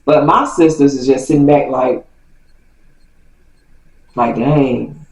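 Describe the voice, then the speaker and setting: A woman telling a family story in a casual storytime vlog, animated and laughing, often correcting herself. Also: rumbling low, slow pace. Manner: animated, self-correcting, laughing as she tells it. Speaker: storytime vlogger. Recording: roomy echo, voice far from mic.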